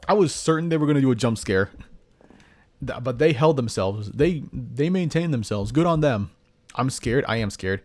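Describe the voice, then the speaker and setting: A man doing casual gameplay commentary as a streamer, reacting excitably and laughing often. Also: medium pitch, normal speed, no echo.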